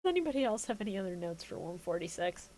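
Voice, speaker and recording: A woman's voice: mid-range voice, sing-song, racing, darkish tone, low-quality recording. A woman co-hosting a casual podcast, sarcastic, swearing freely and laughing often as she recaps an episode. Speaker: podcast co-host.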